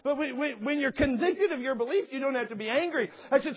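Impassioned pastor man, high husky voice. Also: big pitch swings, a little fast. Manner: impassioned, emphatic, repeats phrases for effect. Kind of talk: sermon. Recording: slightly dull, muffled recording.

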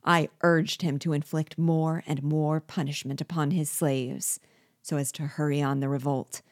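A woman's voice: sits low, a little mellow, no echo, studio quality. A woman reading as Habibra, a vengeful gloating dwarf. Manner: bitter, gloating, slow deliberate speech. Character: vengeful scheming male dwarf, former court jester.

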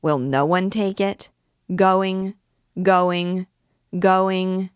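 A woman voicing a boisterous male king of vagabonds who hawks loudly like an auctioneer, in a storybook reading. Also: medium pitch, steady tone, extremely slow, clean tone, dry recording, studio quality, voice pushed up. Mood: mocking. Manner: loud, hawking like an auctioneer.

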